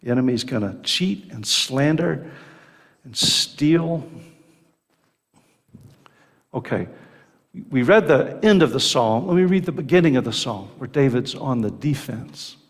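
Slow-speaking male preacher in a hall. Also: on the high side. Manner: reads scripture aloud between plain teaching, with filler pauses. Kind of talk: sermon.

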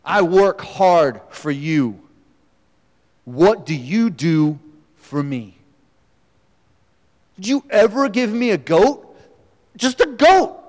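A man's voice: high voice, very animated, slow, long pauses, a little mellow, heavily acted. A man voicing a resentful, self-righteous older brother who complains indignantly. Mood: whiny resentment. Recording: echoey hall, long reverb.

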